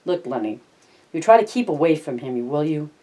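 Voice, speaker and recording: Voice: medium pitch, lively intonation, moderate pace, mellow, close to an everyday voice. Casting note: reader voicing a protective male ranch hand, blunt and coaxing, storybook reading. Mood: worried. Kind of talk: audiobook reading.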